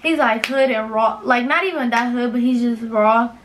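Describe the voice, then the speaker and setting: A woman's voice: a little high, moderate pace, a little hiss or hum. A young woman co-hosting a casual couple challenge video, hesitant and trailing off. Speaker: vlogger co-host.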